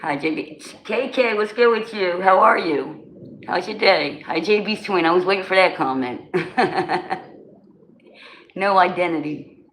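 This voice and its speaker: A woman's voice: on the low side, measured pace, a bit bright. A woman in her forties with a New Jersey accent, hosting a casual livestream and chatting loosely with her viewers, greeting them by name in slangy talk. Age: 40s. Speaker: livestream host. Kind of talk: casual live-stream chat. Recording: roomy with faint background noise.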